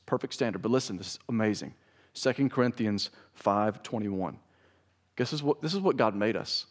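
A man's voice: on the low side, expressive, a little fast. A man preaching a sermon to his church, emphatic and pleading, stressing key phrases. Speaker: pastor. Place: church sanctuary.

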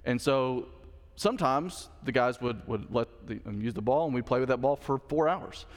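A man's voice: mid-range voice, moderate pace. Man preaching in a reverberant church. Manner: conversational preaching, asides to the congregation. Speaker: pastor. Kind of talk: sermon. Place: church sanctuary.

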